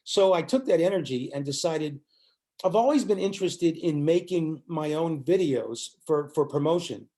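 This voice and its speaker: A man's voice: fairly high pitch, normal speed. An older man, a musician guest in an interview, telling a story and acting out the lines of the people in it. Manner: animated storyteller acting out quotes.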